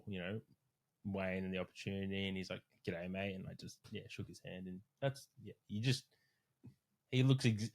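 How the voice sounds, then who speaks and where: A man with a low, slightly deep voice chats loosely on a podcast, sounding like a strength coach talking shop with friends. He tells stories with lively energy and swears freely.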